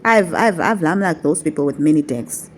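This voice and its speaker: A woman with a low, expressive voice speaks at a normal speed to her viewers, teaching as a spiritual guide in a casual vlog. She repeats her points in a coaxing, affectionate way. A little hiss or hum can be heard in the recording.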